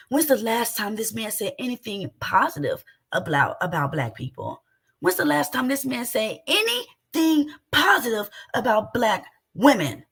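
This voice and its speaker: Husky, fiery woman co-host. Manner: loud, confrontational, swinging pitch. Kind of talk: heated livestream commentary.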